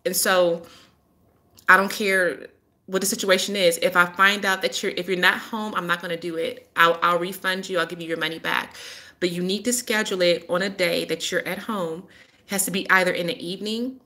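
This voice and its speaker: Emphatic woman with a bright, forceful voice. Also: lowish voice, steady tone, a little fast. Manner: emphatic, repeats her warnings. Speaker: healer hosting a live stream. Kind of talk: casual live-stream talk.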